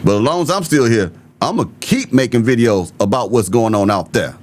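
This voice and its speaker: An animated political commentary host from the Southern United States speaks fairly quickly in a mid-range voice with a darkish tone and a mild Southern accent. His video is opinionated, and he talks to viewers bluntly and emphatically, directly addressing them.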